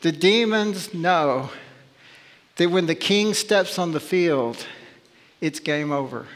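A man's voice: fairly high pitch, animated, slow, fairly bright tone. A man preaching a sermon as pastor, emphatic and full of rhetorical questions. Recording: long reverb of a large hall.

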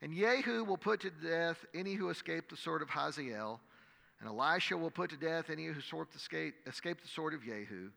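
A man preaching a sermon, reading scripture dramatically and crying out the quoted prayers loudly. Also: fairly high pitch, animated, moderate pace, creaky. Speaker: pastor. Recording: long hall reverb.

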